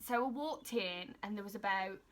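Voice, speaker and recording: A woman's voice: mid-range voice, moderate pace. A young woman, telling stories in a casual chat and acting out quotes with lots of giggling. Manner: animated, giggly, acts out quotes. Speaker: vlogger, model.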